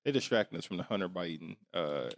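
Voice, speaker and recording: A man's voice: sits low, lively intonation, quick pace, a little hiss or hum. A man co-hosting a podcast in casual chat, talking in a skeptical, questioning, conspiratorial way. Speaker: podcast co-host.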